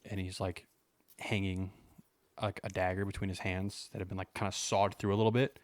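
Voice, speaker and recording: Man, tabletop player, low voice, hesitant, dry sound. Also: brisk, no echo. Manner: relaxed, hesitant, many fillers. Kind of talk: describing his character in a tabletop game.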